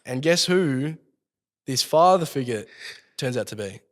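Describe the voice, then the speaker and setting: Australian man, mid-pitched, loose and profane storyteller, recorded with a long reverb tail. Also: animated, unhurried. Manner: swears constantly, rambling storytelling. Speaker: podcast guest. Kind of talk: casual storytelling.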